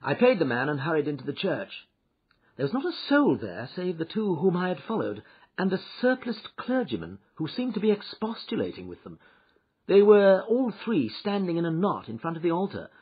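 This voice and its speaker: A man reading an audiobook, voicing a shrewd male detective who recounts his adventure with lively, wry storytelling, on a dull lo-fi recording. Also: on the high side, moderate pace, breathy edge, heavily acted. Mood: amused.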